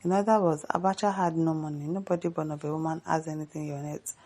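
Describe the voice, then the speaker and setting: A woman's voice: low voice, fairly even intonation, fast talker, dark tone. A Nigerian woman giving sarcastic, scolding commentary and reading viewer comments aloud. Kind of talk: casual reaction commentary.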